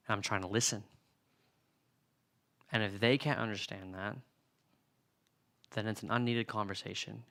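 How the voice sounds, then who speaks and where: A young man working as a youth preacher gives sermon-style teaching on a book in a lowish, gravelly voice with a sharp tone. He's earnest and conversational, often acting out the quoted lines of everyday arguments.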